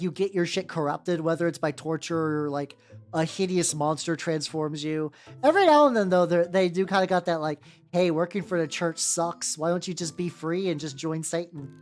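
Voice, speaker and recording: A woman's voice: lowish voice, a little mellow. A woman streamer chatting casually while painting miniatures, rambling and swearing, with lots of fillers and restarts.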